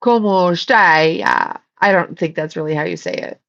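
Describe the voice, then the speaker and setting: A woman's voice: low voice, fairly even intonation, fast, gravelly, highs cut off. A woman hosting a casual livestream, chatting and giggling as she reads viewer comments. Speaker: psychic livestream host.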